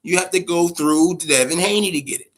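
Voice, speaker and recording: A man hosting a boxing commentary vlog, ranting casually in a profane, blunt, animated way. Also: fairly high pitch, fairly quick. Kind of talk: casual opinion rant.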